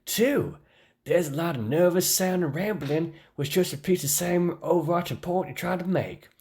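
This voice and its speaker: A woman's voice: fairly low pitch, moderate pace, warm tone, voice pushed up, close to an everyday voice. Woman putting on a preachy Southern man. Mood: mocking. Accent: put-on Southern US. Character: preachy adult male commenter with Southern drawl. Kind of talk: mock reading of a comment.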